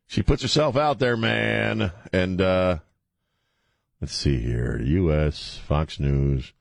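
A man's voice: sits low, slow pace, creaky, dry recording. A man hosting call-in talk radio from a studio, with mocking, irreverent banter and frequent laughs. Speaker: radio talk show host. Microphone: studio microphone.

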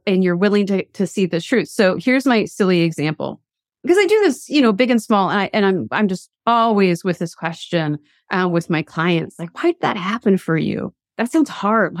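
A middle-aged woman, a coach and university teacher, tells a story in a motivational talk with lively asides and restarts. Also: mid-range voice, no echo, studio quality.

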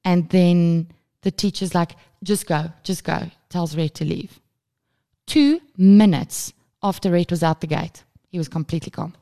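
A woman in her thirties co-hosting a casual parenting podcast, telling a story with lively acted-out moments and plenty of swearing. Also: lowish voice, unhurried. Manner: animated storytelling, acts out screaming child, swears freely. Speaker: podcast co-host. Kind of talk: casual chat.

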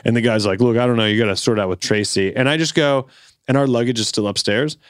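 A man's voice: mid-range voice, quick pace, clear, resonant tone, no room sound, studio quality. A man co-hosting a podcast, telling a long story casually and acting out what people said. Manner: animated storyteller, acts out quotes. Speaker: podcast co-host.

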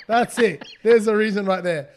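A man, hosting a casual chat with playful, animated banter. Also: high-pitched, normal speed, background noise. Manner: playful, animated banter, does bird noises.

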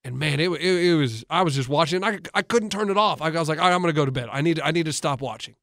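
A man's voice: on the high side, fast talker, dry recording, clean studio sound. A man, a coach and co-host, in casual sports talk, telling stories eagerly with many restarts. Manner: animated storyteller, retells others' words with many restarts.

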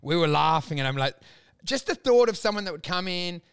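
High-voiced, exasperated man. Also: animated, fairly quick, fairly bright tone, clear, resonant tone. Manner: profane, exasperated, acts out quoted people in raised voices. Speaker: stand-up comedian telling stories. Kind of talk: animated storytelling, casual podcast chat.

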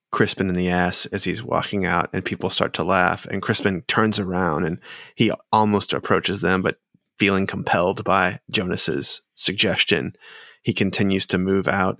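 A man narrating as game master in a tabletop game, halting and full of fillers. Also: low voice, a bit bright, no room sound, studio quality.

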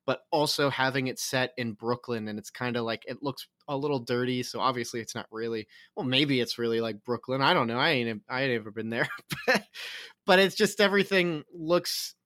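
A man's voice: mid-range voice, brisk, a bit bright, no room sound. A man co-hosting a casual movie review chat, rambling and laughing often as he corrects himself. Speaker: podcast co-host.

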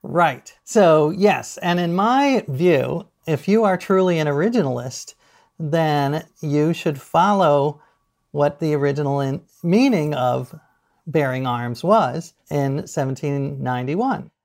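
Animated storytelling middle-aged man. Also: fairly high pitch, slow. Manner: animated storyteller, laughs often, acts out quotes. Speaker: guest author. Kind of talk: casual podcast interview.

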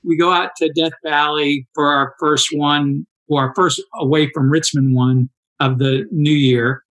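A man in his sixties telling stories in a casual interview, animated and acting out quoted dialogue. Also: on the high side, a little slow, rough recording. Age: 60s. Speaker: interview guest, endurance athlete.

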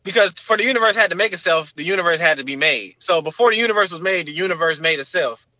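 A young man co-hosting a podcast, talking in an animated, slangy way and leaning on filler words. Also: high-pitched, fast talker, no room sound, muffled recording. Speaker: podcast co-host. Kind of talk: casual podcast chat.

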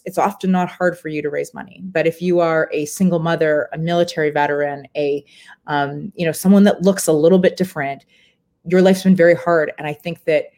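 Low-voiced woman, chatty founder. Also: darkish tone. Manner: candid, chatty, laughs often; many fillers and restarts. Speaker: startup founder. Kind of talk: live video interview. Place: hotel room.

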